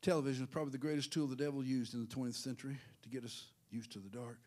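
A male pastor preaching a sermon in church, swinging from hushed asides to shouted, sing-song peaks. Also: mid-range voice, fairly even intonation, racing.

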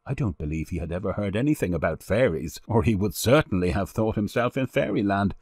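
A man reads an old-fashioned children's story in a low voice. His intonation swings widely and he tells it with a lot of expression. The sound is dry and close. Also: lively intonation, brisk, darkish tone, slightly rough, no room sound. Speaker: narrator. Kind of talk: storybook reading.

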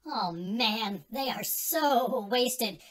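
A man's voice: very high voice, lively intonation, very slow, a bit bright, exaggerated voice. A man playing a stoned party guest who mangles fake accents in a comedy sketch.

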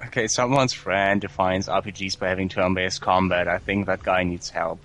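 A man's voice: sits low, fairly even intonation, normal speed, a bit bright, poor audio. A man acting as guest commentator on a game stream, dry and sarcastic, reading out viewer comments. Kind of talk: casual gaming livestream chat.

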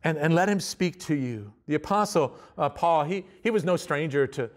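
A man's voice: fairly high pitch, expressive, normal speed. Man preaching a conversational sermon. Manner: conversational preaching with frequent restarts and fillers. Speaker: pastor.

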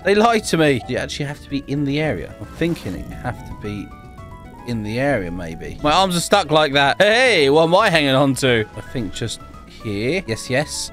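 A young man casually commentating on his gameplay, chatty and excitable, often laughing. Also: fairly high pitch. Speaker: gaming YouTuber. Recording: faint game music behind.

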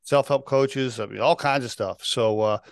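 A man's voice: medium pitch, normal speed, no room sound, studio quality. A man hosting a podcast, talking loosely and easygoing with lots of "you know" and "uh". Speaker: podcast host. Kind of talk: casual interview conversation.

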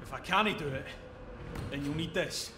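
An actor voicing a calm male rig supervisor who gives instructions over a tannoy. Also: on the high side, normal speed, echoey room, background noise, lightly acted. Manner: instructive, steady. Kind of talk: video game voice acting.

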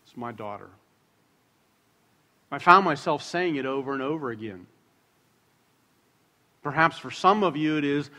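Bright-voiced pastor preaching in a reverberant church. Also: male voice, a little high. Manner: conversational, jokes with the congregation, slows down to stress words. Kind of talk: sermon. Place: church sanctuary. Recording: long church hall reverb.

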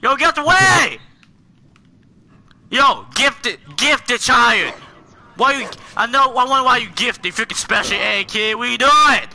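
A man playing a video game with friends, exasperated and shouting over and over as he tries to get past someone. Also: very high voice, measured pace, vocal fry, a little hiss or hum. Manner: exasperated, shouting, repeating himself. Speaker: gamer recording his play. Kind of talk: casual gameplay chat.

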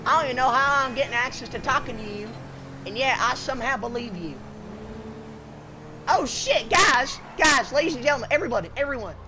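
A woman's voice: sits high, lively intonation, a little fast, noisy background. Rowdy, profane woman gamer on voice chat. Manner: loud, goofy and profane, drawling y'all and feller. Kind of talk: rowdy party chat while gaming.

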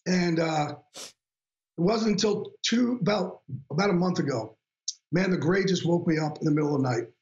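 A man's voice: a little high, normal speed, a little mellow, reverberant, dull audio. A man talking as a talk-show guest, telling his story earnestly and openly. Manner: earnest, open storytelling with quoted dialogue. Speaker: guest author. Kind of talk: candid talk-show conversation.

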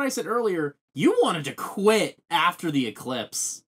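A man co-hosting a podcast, telling stories animatedly in a casual chat. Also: high-pitched. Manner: animated, quick storytelling. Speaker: podcast host.

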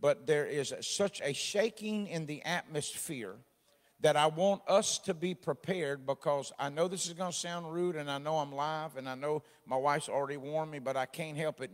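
A man preaching a midweek sermon, folksy and joking, swelling into loud exhortation. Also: fairly high pitch, normal speed, long reverb tail. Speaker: pastor. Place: church sanctuary.

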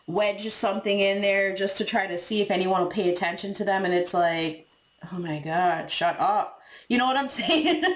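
A woman's voice: fairly low pitch, echoey room. A woman giving a casual tarot reading to her viewers, talking frankly, swearing freely and laughing as she acts out what people say. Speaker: tarot reader.

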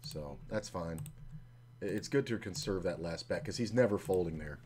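Brief: deep-voiced man, relaxed poker streamer narrating his hands from his home desk, faint hum behind. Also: normal speed. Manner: relaxed, chatty, sometimes swearing. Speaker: online poker player streaming his session. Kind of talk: casual running commentary while playing.

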